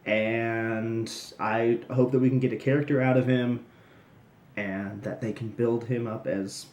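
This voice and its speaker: Casting note: young male recap host, mid-pitched, sarcastic and rambling, recorded in a roomy space. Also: fairly even intonation, a little slow, darkish tone, highs cut off. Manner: snarky, rambling, jokey asides. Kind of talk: casual solo recap commentary. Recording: roomy echoey room.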